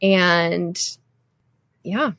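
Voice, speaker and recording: Gravelly-voiced woman, chatty coach. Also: fairly low pitch, very slow, fairly bright tone, lo-fi sound. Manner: chatty, many fillers like "like" and "you know". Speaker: nutrition coach guest. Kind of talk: conversational interview.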